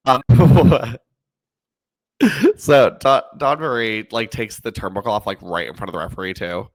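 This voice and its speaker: A man's voice: medium pitch, measured pace. A man co-hosting a podcast in casual chat, laughing often and filling gaps with ums. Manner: chatty, laughs often, many fillers. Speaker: podcast co-host.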